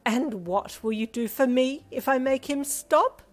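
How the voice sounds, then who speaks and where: A woman's voice: high voice, faint music behind, pitched above the performer's own voice. Woman putting on a cruel gloating fox witch. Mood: gloating, menacing. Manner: slow, mocking, cackling menace.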